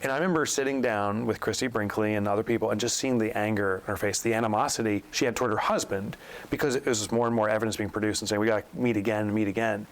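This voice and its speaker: A mid-pitched man, a guest author and business coach, tells stories quickly and animatedly in a podcast interview on a low-quality recording. He voices the people he quotes, his pitch rising sharply when he's incredulous.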